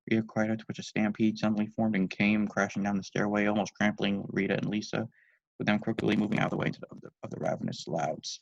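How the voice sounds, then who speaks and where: A man's voice: lowish voice, steady tone, fast talker, gravelly, no echo. A man casually reading fanfiction aloud, breaking off with irreverent, swearing asides. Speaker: youtube reader and reviewer. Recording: dry dull lo-fi home mic.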